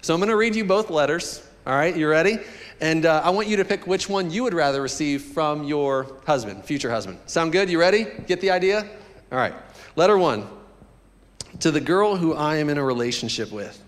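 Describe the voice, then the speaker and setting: A male pastor with a fairly high voice preaches in an animated, playful way, bantering straight with the congregation. His voice rings out in a church sanctuary with a long, trailing reverb. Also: fairly quick. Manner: animated, joking, talks directly to the congregation. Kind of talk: sermon.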